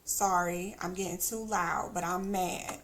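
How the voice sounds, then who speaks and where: A woman streaming a game, talking to herself and her viewers in a loose, chatty way with playful asides. Her voice has a gravelly fry, and she takes her time. A faint hum of room ambience sits under her. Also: medium pitch, slow. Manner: chatty, thinking aloud, teasing asides. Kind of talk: casual gameplay commentary.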